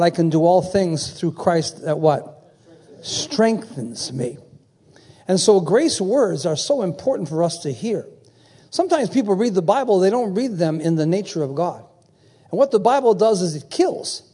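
A middle-aged man preaches to his congregation in a husky, mellow voice that sits a bit high for a man. He keeps quizzing the listeners, leaving gaps in his sentences for them to fill in. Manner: call-and-response preaching, quizzing the audience. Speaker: pastor. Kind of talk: sermon.

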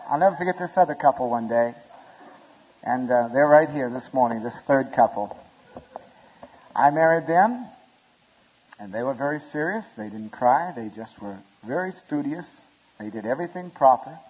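A man preaching a sermon in a church, telling wedding stories with chuckles and building to shouted appeals. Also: a little high, breathy edge. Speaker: pastor. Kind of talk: storytelling sermon. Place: church sanctuary. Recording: lo-fi recording with long hall reverb.

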